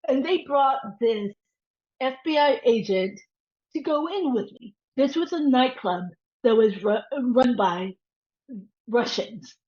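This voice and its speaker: Speaking slowly at a fairly high pitch, this woman is a guest on an interview show, animatedly quoting and performing each character's voice as her story unfolds. The recording sounds dull and low-fidelity.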